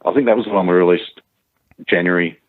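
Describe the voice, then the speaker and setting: A male guitarist chatting in an interview, halting, with many restarts and fillers. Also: deep voice, fairly even intonation, dry recording. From Australia. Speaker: guitarist guest. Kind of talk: casual interview chat. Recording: tinny phone-like line.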